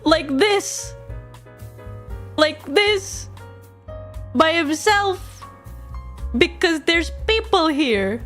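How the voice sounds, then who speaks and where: A young woman streaming casually while drawing, excitable and quick to laugh, swearing often. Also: very high-pitched, soft background music.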